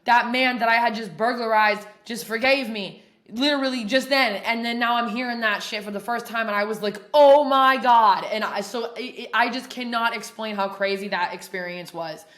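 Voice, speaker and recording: Woman host, a bit high-pitched, profane and animated, telling stories casually in an echoey room. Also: brisk. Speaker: podcast host. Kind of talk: casual storytelling.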